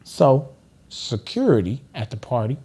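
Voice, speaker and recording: A man's voice: mid-range voice, big pitch swings, a little slow, warm tone, slightly rough. A middle-aged man from Los Angeles, a podcast guest telling stories casually and animatedly, laughing often and acting out other people in a raised voice. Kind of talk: casual storytelling. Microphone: studio podcast mic.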